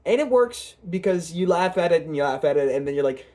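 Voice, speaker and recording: A man's voice: fairly high pitch, lively intonation, a little fast, mellow. A young man hosting his own channel, talking casually at home in a rambling, hesitant way with many fillers and restarts. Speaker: channel host. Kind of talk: casual vlog commentary.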